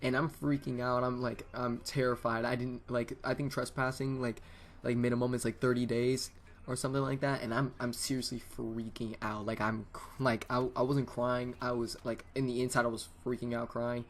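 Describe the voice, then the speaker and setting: A teenage man hosting a gaming channel, telling a casual storytime in a rambling, excitable way with many restarts, on a USB desktop microphone. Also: medium pitch, moderate pace.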